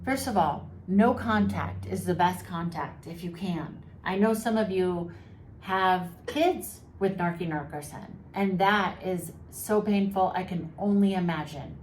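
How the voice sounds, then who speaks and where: A woman's voice: lowish voice, a little slow, a little mellow. A woman vlogger giving mental health advice straight to her viewers, sympathetic and chatty with a teasing, sarcastic edge. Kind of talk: direct-to-camera advice talk. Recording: roomy echo with faint background noise.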